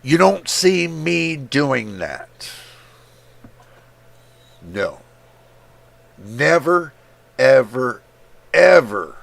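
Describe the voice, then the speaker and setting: A gravelly, medium-pitched male voice belongs to a reviewer hosting a tech livestream. He rants casually, heated and emphatic, repeating words for stress and coughing occasionally.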